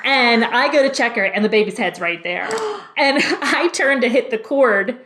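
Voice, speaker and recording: Lively storytelling woman, slightly high. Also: measured pace, a little hiss or hum. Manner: lively storyteller who acts out her own lines in quotes. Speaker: guest, former labor and delivery nurse. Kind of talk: casual podcast storytelling.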